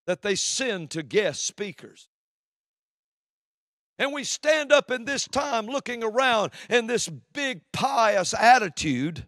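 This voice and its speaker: A man preaching a sermon from the pulpit, swinging between loud declarations and hushed, low passages. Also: no echo, studio quality.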